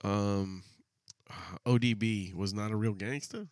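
A man's voice: on the low side, fairly even intonation, takes it slowly, a little mellow, clean tone, no room sound, studio quality. A man co-hosting a podcast, joking along in casual banter. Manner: playful, goes along with jokes. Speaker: podcast co-host.

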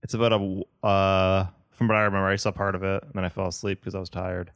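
A man's voice: low voice, level tone, quick pace, a bit bright, clean tone, dry recording, studio quality. A young man co-hosting a casual podcast, blunt and sarcastic, swearing often. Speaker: podcast co-host. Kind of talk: casual chat.

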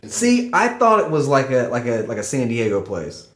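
A man co-hosting a casual podcast chat, jokey and animated. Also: mid-range voice, moderate pace. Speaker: podcast co-host. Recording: echoey room.

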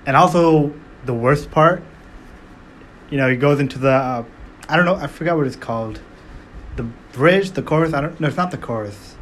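Young male podcast host, sarcastic and profane, middle-pitched, faint background hiss. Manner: sarcastic, rambling, swears freely, rhetorical questions. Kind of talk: casual comedic commentary.

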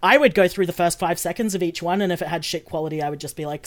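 A woman's voice: on the low side, fast talker, background noise. Australian woman, producer, casual podcast chat, laughs a lot, swears freely. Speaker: producer and casting director.

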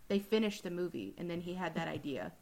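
A woman co-hosting a podcast in casual chat, relaxed and earnest and quick to laugh. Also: fairly low pitch, crowd noise, rough recording.

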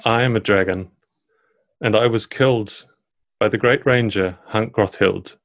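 A man, narrating a tabletop game podcast as dungeon master in a measured storytelling way. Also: on the low side.

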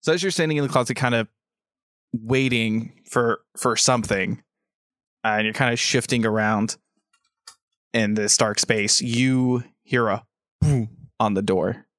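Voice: medium pitch, unhurried, pauses often, fairly bright tone, no echo, clean studio sound. A game master narrating a tabletop role-play podcast in a casual way, with many ums and likes.

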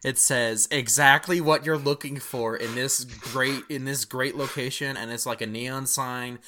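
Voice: medium pitch, fairly even intonation, unhurried, pushed and bright. A game master casually narrating a tabletop role-playing game, laughing often.

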